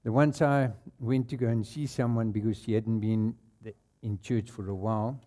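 A man's voice: on the low side, steady tone, moderate pace, mellow. A male pastor with a South African accent preaching a sermon in a church, telling stories and laughing at his own anecdotes. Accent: South African English.

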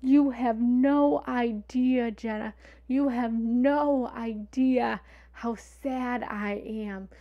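A woman voicing her middle-aged mother, who is slowly and tearfully pleading through sobs. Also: fairly high pitch, fairly even intonation, muffled recording, pitched above the performer's own voice. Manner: sobbing, slow, pleading.

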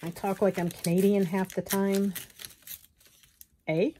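A woman's voice: medium pitch, level tone, moderate pace, mellow, slight background noise. A woman chatting casually through a crafting vlog at home, rambling and poking fun at herself with frequent little laughs. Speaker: journaling crafter.

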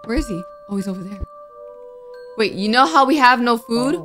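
A woman commenting on a video game as she plays, joking and reacting loudly to scares. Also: fairly high pitch, lively intonation, normal speed. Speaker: gaming streamer. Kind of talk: let's play commentary. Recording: game music behind the voice. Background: game music.

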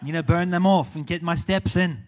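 A young South African man preaching as an evangelist in a church, animated and full of hallelujahs and amens, walking around as he speaks. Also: on the high side, moderate pace. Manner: walks around while preaching. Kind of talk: sermon.

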